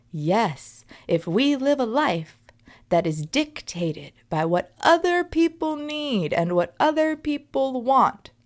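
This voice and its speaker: A woman in her thirties hosting a solo podcast, reflecting in an emphatic, conversational way and often checking in with her listeners. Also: a little high. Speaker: podcast host.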